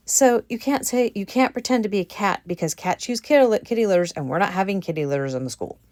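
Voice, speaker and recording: A woman giving a casual commentary monologue on her channel, animated and incredulous, repeating her points for emphasis. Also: mid-range voice, no room sound. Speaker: vlogger.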